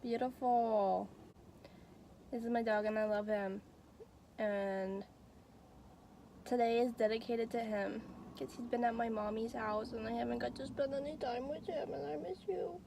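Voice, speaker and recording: A woman's voice: a little high, steady tone, measured pace, long pauses, dark tone. A young woman, chatting playfully in a casual vlog with her dog. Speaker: vlogger. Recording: noisy phone recording with background noise.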